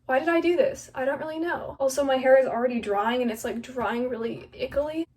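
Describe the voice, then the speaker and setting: High-voiced chatty teenage girl. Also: a little fast, a little mellow, recorded from a distance. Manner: chatty, flustered, self-mocking, lots of "like". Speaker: vlogger. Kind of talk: casual chat while cutting her own hair. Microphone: phone camera.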